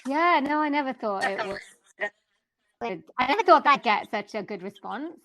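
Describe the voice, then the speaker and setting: A woman's voice: high voice, expressive, normal speed, sharp tone, a little hiss or hum. Chatty Welsh woman, voiceover artist. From South Wales, UK. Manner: chatty, many ums and likes. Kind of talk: casual podcast interview.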